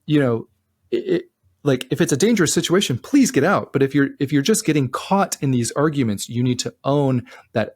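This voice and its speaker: A man's voice: medium pitch, lively intonation, fairly quick, darkish tone, breathy edge. A man co-hosting a casual relationship advice podcast, earnest and emphatic, his voice climbing when he stresses a point. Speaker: co-host.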